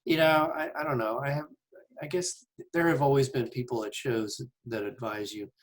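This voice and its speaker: Male band member, middle pitch, measured, hesitant talker. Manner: thoughtful, hesitant with many ums. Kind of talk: casual chat.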